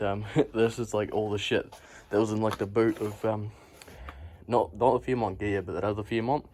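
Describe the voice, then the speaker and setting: A young vlogger with a lowish, slightly mellow voice chats casually in a garage, filming on a handheld phone. He rambles and swears often, and there's a little hiss or hum.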